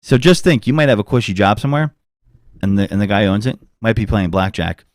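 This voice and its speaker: Low-pitched guy rambling on his podcast, swears a lot, dry close mic. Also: animated, quick pace, no echo. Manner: rambling, swears freely, does mocking voices. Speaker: podcast host. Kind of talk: casual podcast chat.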